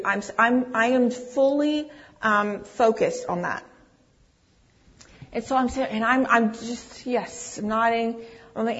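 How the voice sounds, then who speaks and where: Middle-aged woman, sermon-style storyteller, fairly high voice, muffled lo-fi recording. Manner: animated storyteller, acts out her own lines. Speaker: pastor's wife speaking to a congregation. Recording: dull, muffled sound.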